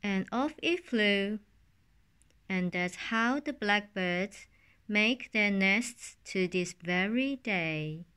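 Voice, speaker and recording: A woman reading a children's story aloud in a calm, unhurried storybook manner. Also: mid-range voice, clean tone.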